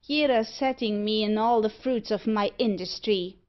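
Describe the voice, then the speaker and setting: A woman's voice: mid-range voice, normal speed, highs cut off, natural voice. A woman reading aloud, voicing an angry Irish street apple seller who scolds with an Irish accent. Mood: furious.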